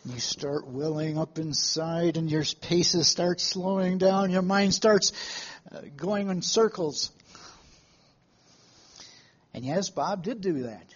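A man preaching a sermon to a live congregation, telling stories in a folksy way with halting restarts and questions to the room. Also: on the high side, husky, lo-fi sound.

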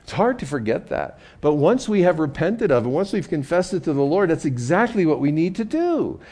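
A man's voice: fairly high pitch, very animated, a little fast, a little mellow. A man preaching a sermon as pastor in a conversational way, often repeating words as he restarts.

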